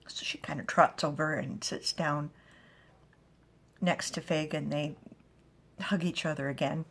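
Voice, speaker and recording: A woman's voice: low-pitched, steady tone, measured pace, vocal fry, husky. A woman telling a story aloud in a chatty, casual way with asides to listeners.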